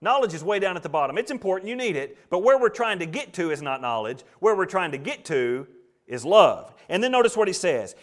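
A middle-aged man preaching a sermon, swinging from loud bursts to hushed asides and acting out the quotes he tells. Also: a little high, sing-song, fast.

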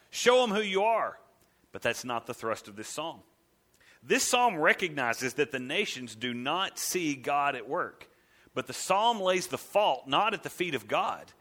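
A man preaches with a bright, forceful tone, his voice a little high for a man. He reads scripture, then retells it in an animated, folksy style, acting out little voices along the way. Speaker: pastor. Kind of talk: sermon.

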